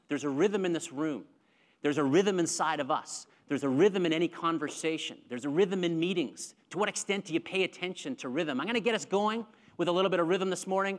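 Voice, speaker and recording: A man's voice: high voice, a bit bright. A man giving a live motivational talk to a conference audience, upbeat and leading them in clapping to rhythm. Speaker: keynote speaker.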